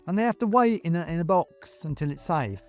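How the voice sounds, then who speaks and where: A man's voice: a little high, expressive, a little fast, soft background music, pitched above the performer's own voice, natural voice. A man voicing a chatty young woman warehouse worker who rambles on. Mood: breezy. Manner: breezy, rambling.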